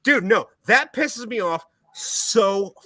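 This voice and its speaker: A man hosting a podcast, slightly drunk and fired up, swearing through nearly every phrase. His voice is bright and pitched a little high, swinging wildly up and down as he rants. The sound is dry and close to the mic. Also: slow pace, no echo, rough recording. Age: adult, military veteran. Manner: heated, swears constantly, animated. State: tipsy. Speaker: podcast host. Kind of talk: profane casual rant.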